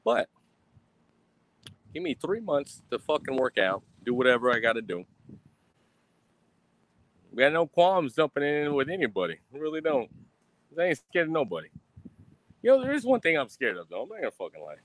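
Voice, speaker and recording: A man's voice: a little high, sing-song, moderate pace, pauses often, no room sound. A young man, ranting on a livestream in a boastful, profane, swaggering way. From Texas. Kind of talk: casual rambling livestream rant. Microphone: streaming mic.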